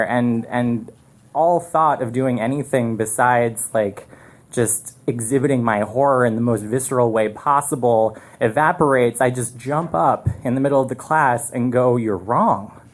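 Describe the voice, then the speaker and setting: A man tells a story on a live stage through a microphone, his delivery animated and rambling. He circles back with restarts and fillers as he builds the scene, in a loose, spoken style rather than a polished read. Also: medium pitch, unhurried.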